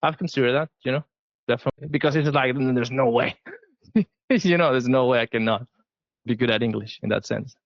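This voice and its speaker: A man's voice: mid-range voice, fairly even intonation, quick pace, creaky, no room sound, dull audio. A man with a Spanish accent, a guest giving advice in a casual interview, emphatic and often repeating words as he restarts. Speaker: sales guest.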